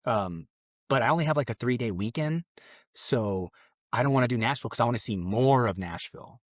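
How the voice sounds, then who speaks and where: A young man speaking at an everyday middle pitch, telling his own story as a podcast guest. He rambles casually with fillers and voices the people in his tale. The sound is close and dry, with no room around it. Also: lively intonation, a little fast, no room sound. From Mexican family. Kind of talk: personal storytelling.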